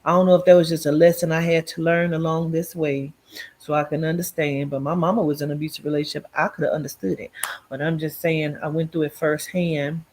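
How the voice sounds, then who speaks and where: A woman telling her own life story in a casual, animated way, cursing freely and acting out what people said. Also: sits low, fairly quick. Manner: profane, blunt and animated, acts out quoted speech; addresses listeners directly as "child" and "girl".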